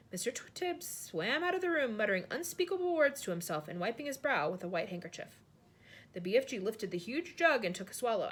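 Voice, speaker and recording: A woman reading a children's book aloud in an expressive, animated way. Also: mid-range voice, a little fast. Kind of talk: storybook read-aloud.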